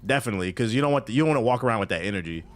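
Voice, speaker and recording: Guy ranting a story, swings his pitch all over, swears a lot, keeps repeating himself. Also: racing, slight background noise. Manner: animated, profane, repeats phrases, jumps into quoted voices. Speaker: streamer telling a story. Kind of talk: casual storytelling rant.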